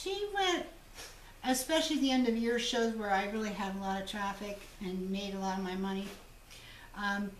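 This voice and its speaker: A woman's voice: mid-range voice, a bit bright, a little hiss or hum. A woman hosting a jewelry-making channel, chatting casually and telling stories to viewers. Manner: chatty, storytelling, laughs easily. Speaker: jewelry designer and channel host. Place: room in a home shop. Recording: echoey room, mic at a distance.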